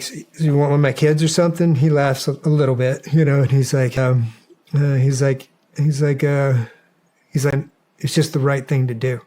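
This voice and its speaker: A man of middle pitch talks through an old army story as a podcast guest. He rambles along with plenty of fillers and the odd curse, circling back on himself as he goes. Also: warm tone. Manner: rambling, swears, many fillers. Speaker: guest, former soldier. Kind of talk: casual storytelling.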